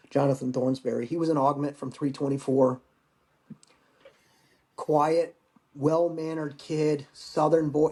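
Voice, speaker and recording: Podcast guest, man in his 40s, veteran recounting combat loss, halting and raw, blunt language. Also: mid-range voice, dark tone. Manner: halting, emotional storytelling with profanity. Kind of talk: personal war story in conversation.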